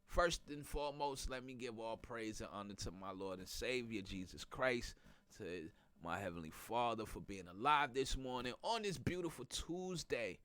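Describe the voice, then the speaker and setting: A man's voice: mid-range voice, expressive, moderate pace, a bit bright, smooth. A middle-aged man with a stuffy nose from a cold, hosting a casual morning talk show in a playful, teasing way. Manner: playful, teasing, laughs a lot. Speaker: podcast host.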